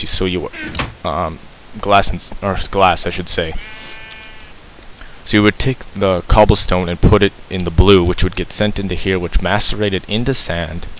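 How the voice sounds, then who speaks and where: A man with a low voice talks through a game tutorial in a loose, rambling way, stopping to correct himself and filling gaps with ums. His heavy breathing comes through clearly on a cheap mic pressed close to his mouth, over a faint hiss. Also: steady tone, moderate pace, fairly bright tone, low-quality recording. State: breathing heavily. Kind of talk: casual gameplay tutorial.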